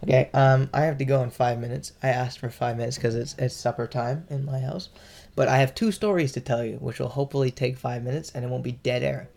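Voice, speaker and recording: A man's voice: medium pitch, fairly even intonation, fairly quick, gravelly, a little mellow. Rambling young man telling stories. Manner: rambling storyteller, lots of fillers. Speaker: podcast co-host. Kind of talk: casual chat.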